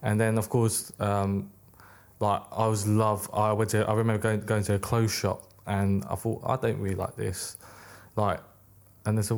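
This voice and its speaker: A man's voice: fairly low pitch, a little mellow. A young man, a podcast guest chatting casually, rambling with lots of "like" and restarts. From United Kingdom. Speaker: podcast guest, clothing brand maker. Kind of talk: casual interview chat.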